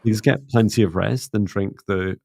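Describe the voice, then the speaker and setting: A middle-aged man hosting a spiritual livestream, talking in a soft, gently meditative way. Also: on the low side, moderate pace, creaky, husky, no room sound. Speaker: psychic mentor and livestream host. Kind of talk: casual livestream chat and guided closing.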